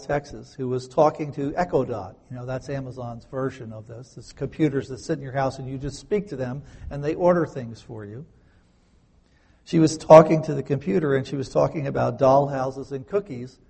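A man's voice: medium pitch, creaky, warm tone, husky. A man in his fifties preaching a sermon, emphatic, repeating key words and putting questions to his listeners. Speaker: pastor.

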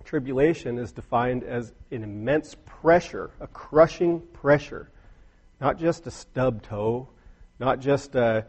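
Middle-aged male preacher, husky, earnest storyteller who builds to emphatic peaks. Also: mid-range voice, slow pace, darkish tone. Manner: earnest, rising to emphatic bursts, storytelling asides. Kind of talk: sermon.

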